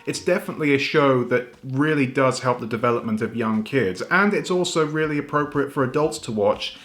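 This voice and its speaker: A man's voice: medium pitch, a little fast, a bit bright. A young man with a British accent, earnestly reflecting as he delivers a video review. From United Kingdom. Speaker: YouTube reviewer.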